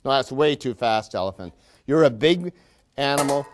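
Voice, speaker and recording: A man's voice: medium pitch, expressive, moderate pace, lightly acted. A lecturer playing a pompous, condescending factory manager in a classroom role-play, falsely cheerful as he talks down to his workers. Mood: scolding.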